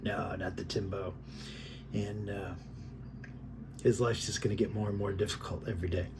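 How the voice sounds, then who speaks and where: A man's voice: on the low side, flat delivery, moderate pace, background noise. A man talking casually and rambling, chuckling as he comments on other creators' videos. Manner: rambling, chuckling, heavy on fillers. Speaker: commentary vlogger.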